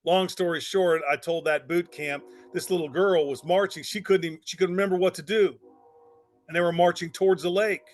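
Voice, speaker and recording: A man's voice: high-pitched, steady tone, fairly quick. A middle-aged man telling a motivational story in a folksy, emphatic way, with lots of repetition. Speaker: speaker on network marketing.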